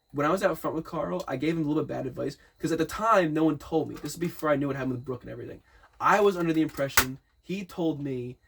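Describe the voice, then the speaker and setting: A young man in casual chat, telling a party story in a rambling, profane, animated way, full of restarts and quoted dialogue. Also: fairly high pitch, a little hiss or hum.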